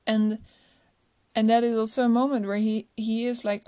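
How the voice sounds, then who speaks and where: A woman's voice: on the high side, little pitch movement, moderate pace, darkish tone, clean tone, no room sound. A woman chatting casually about a movie she loves, gushing and rambling, often restarting her sentences. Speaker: movie reviewer. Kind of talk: casual chat.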